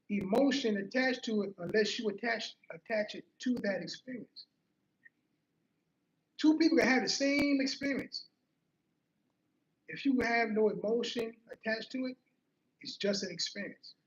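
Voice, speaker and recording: High-voiced man giving an earnest motivational talk. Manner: earnest, storytelling, repeats phrases for emphasis. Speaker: motivational speaker. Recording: roomy, slightly muffled.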